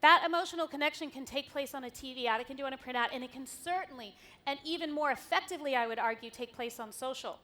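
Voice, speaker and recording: A woman's voice: high-pitched, quick pace, sharp tone. A woman giving a candid, wry conference talk on stage, swearing casually as she goes through her slides. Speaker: conference speaker.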